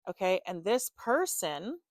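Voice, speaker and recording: A woman's voice: mid-range voice, big pitch swings, unhurried, no room sound. A woman giving a loose, chatty tarot reading to the viewer, full of fillers and casual swearing. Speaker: tarot reader.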